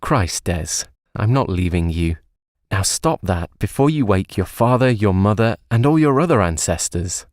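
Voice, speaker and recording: A man voicing a young male thief who speaks quietly and sombrely. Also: lowish voice, expressive, normal speed, no room sound, studio quality, close to an everyday voice. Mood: wry.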